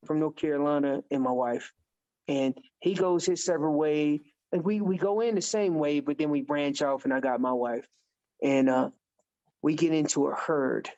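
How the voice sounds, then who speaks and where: A man guest on a podcast, telling a hunting story in a casual, animated way and acting out the dialogue. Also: a little high, dull audio. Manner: animated storyteller who acts out quoted dialogue. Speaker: podcast guest, elk calling champion.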